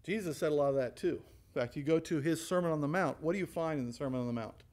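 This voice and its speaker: With a fairly high voice and a quick pace, this pastor runs a Bible study full of energy. He asks rhetorical questions and answers them, voices the quoted characters, and laughs frequently.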